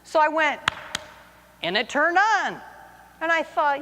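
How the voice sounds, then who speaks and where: Animated woman storyteller in a reverberant hall. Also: sits high, normal speed, long pauses, a little hiss or hum. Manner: animated, self-mocking storyteller. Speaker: teacher telling a personal story. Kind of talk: live personal storytelling to an audience.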